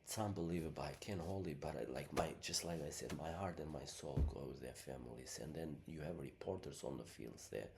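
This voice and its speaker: A man's voice: rumbling low, fairly quick, creaky, few pauses, a little mellow, slight background noise. A middle-aged man, an Albanian native speaker, talking in a rambling casual monologue with many fillers, his voice blocked up from a month of illness. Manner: rambling, many fillers like "you know what I mean". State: sick, congested voice.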